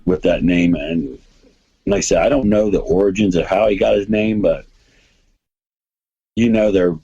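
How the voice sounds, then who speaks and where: A man's voice: low voice, normal speed, dark tone, breathy edge, dull audio. A man hosting a podcast, chatting casually and rambling enthusiastically about comics and movies. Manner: rambling, enthusiastic, many restarts. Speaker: podcast host.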